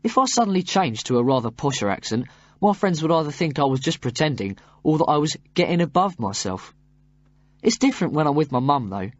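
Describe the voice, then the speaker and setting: Man reading with lively, rising intonation. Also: fairly high pitch, fairly quick, dry recording, lo-fi sound. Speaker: textbook audio reader. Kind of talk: scripted first-person reading.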